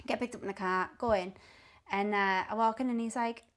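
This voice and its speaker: A woman's voice: mid-range voice, fairly quick. A young woman, candidly telling her story as a podcast guest and swearing freely. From Teesside, England. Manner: blunt and swearing, animated retelling.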